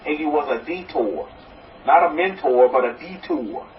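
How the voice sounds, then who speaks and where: Sounding a little high and expressive, the rabbi speaks at a normal speed with slight background noise behind him. His sermon is folksy and repetitive, laced with jokes and a recurring blessing. It's captured on a dull, roomy recording from a distance.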